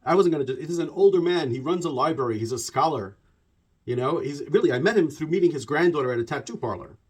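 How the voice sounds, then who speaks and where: A man delivering a conversational storytelling monologue about religion. He talks in an animated, digressive way and piles up repeated words. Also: on the high side, fast talker, husky. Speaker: religious commentator.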